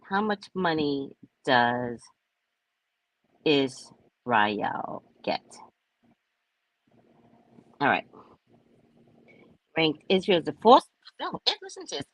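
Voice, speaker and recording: An American woman hosting a casual livestream, talking to her chat in an animated way and laughing often. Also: on the low side, dry recording. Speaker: livestream host.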